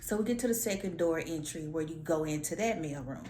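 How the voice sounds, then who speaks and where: A woman vlogger telling a story in a sassy, animated, slangy way, acting out her own lines. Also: sits low, fairly quick, echoey room, a little hiss or hum. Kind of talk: casual storytelling rant.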